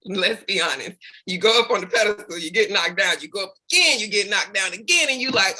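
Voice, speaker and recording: A woman's voice: medium pitch, animated, fairly quick, pushed and bright, rough recording. A woman leading her sales team on a video call, preaching with faith and fighting back tears. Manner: preachy, faith-filled, tearful. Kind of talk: emotional team call speech.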